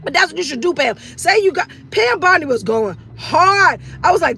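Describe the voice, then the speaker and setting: A middle-aged woman with a bright, high voice rants for laughs on a live stream. She swears freely, loops back on her own phrases and acts out little asides as she goes, with faint noise under her. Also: moderate pace, hardly any pauses. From East New York, Brooklyn. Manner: animated, profane, riffing with repeats and acted-out asides. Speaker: comedian hosting a live stream talk segment. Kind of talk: casual comedic rant.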